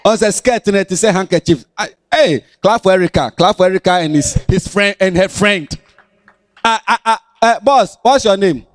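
A man with a Ghanaian accent preaching a lively Bible lesson to children, animated and sing-song, teasing his listeners as he talks. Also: sits high, normal speed, no room sound.

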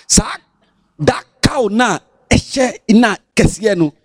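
A man with a Ghanaian accent preaches to children in a high voice that swoops up and down all the time. His delivery is sing-song and playful, teasing the listeners as he goes. The sound is close and dry. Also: expressive, slow, a little mellow, no echo. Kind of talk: lively Bible lesson for children.

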